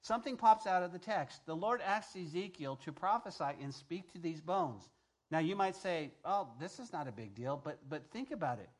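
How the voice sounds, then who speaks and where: A man preaching a sermon, talking straight to the congregation, swinging between loud emphasis and quiet, hushed asides. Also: a little high, expressive, normal speed. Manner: talks straight to the congregation, asking if they follow. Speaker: pastor.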